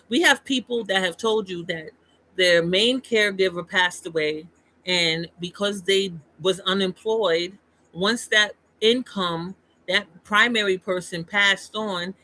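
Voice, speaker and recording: A man holds forth on a casual stream, circling back and restarting his sentences as he presses his point. His voice sits high and sounds bright and forward. A faint hum of background noise sits under him. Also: low-quality recording. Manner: emphatic, rambling, with frequent restarts. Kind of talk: casual livestream talk.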